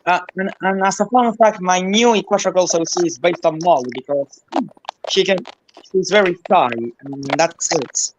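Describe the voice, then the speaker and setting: A man's voice: high voice, muffled recording, slight background noise. A man chatting hesitantly as a guest on a friends' live stream. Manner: hesitant, halting. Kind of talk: casual chat.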